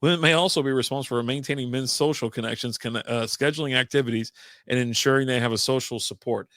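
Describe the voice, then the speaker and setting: A man of ordinary pitch co-hosting a loose beer podcast. He swears freely and reads things out with heavy sarcasm. The recording is close and dry. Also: steady tone, quick pace, a bit bright, no room sound. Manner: profane, reads out text with sarcasm. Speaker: podcast co-host. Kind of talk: casual beer podcast banter.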